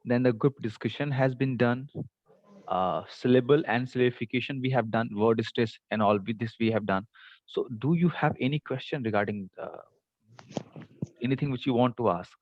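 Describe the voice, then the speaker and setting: A man's voice: medium pitch, moderate pace, dry recording. A male lecturer reviewing topics for an exam in an online class, talking hesitantly with many fillers. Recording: dull dry lo-fi mic.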